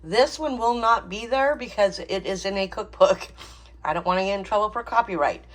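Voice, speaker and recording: A woman's voice: mid-range voice, moderate pace. A woman hosting a home cooking channel, talking casually with frequent ums and small laughs. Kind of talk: casual cooking vlog chat.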